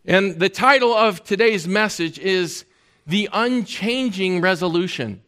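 A pastor delivers his sermon in a high-pitched male voice. He talks to the congregation in a relaxed, conversational way, often pausing on fillers.

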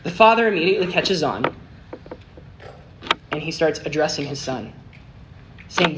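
A man's voice: on the high side, a little fast, pauses often. Man preaching over a noisy recording. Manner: expressive storytelling with big swings from hushed to emphatic. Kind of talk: sermon.

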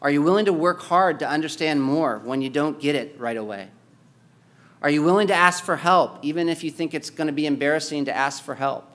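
A man preaching a sermon, swinging between loud, pressing exhortation and quiet, low-key storytelling. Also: brisk. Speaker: pastor.

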